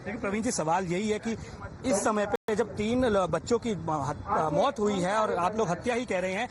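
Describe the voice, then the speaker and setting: Fast-talking Indian male reporter at a protest. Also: high voice. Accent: Indian English. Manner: rapid, urgent reporting with many fillers. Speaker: field reporter. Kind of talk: live field reporting. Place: outdoor protest site. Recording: live outdoor broadcast with crowd noise. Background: crowd.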